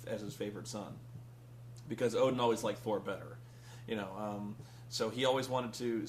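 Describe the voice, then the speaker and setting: A man's voice: mid-range voice, a little hiss or hum. A man reviewing a film in casual chat, rambling and profane, often acting out characters' lines. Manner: rambling, profane, acts out quotes.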